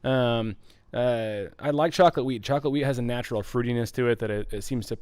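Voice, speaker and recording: A man co-hosting a live brewery stream, explaining beer style guidelines in a relaxed way and reading out viewer comments. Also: medium pitch, a little fast, clear, resonant tone, no room sound. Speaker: brewery livestream co-host. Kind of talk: casual live-stream chat.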